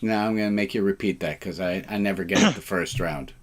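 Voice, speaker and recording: A man leading a relaxed, informal service, joking and self-deprecating, with sarcastic asides. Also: sits low, brisk.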